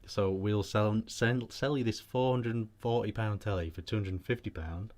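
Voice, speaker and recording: A man's voice: fairly low pitch, normal speed, a little mellow, a little hiss or hum. A British man hosting a casual vape chat show, telling rambling anecdotes with many restarts.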